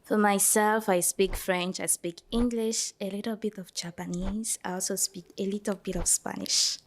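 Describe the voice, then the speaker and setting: Young woman, Ivorian accent, student guest; relaxed, straightforward. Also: mid-range voice, moderate pace. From Côte d'Ivoire. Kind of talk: casual interview.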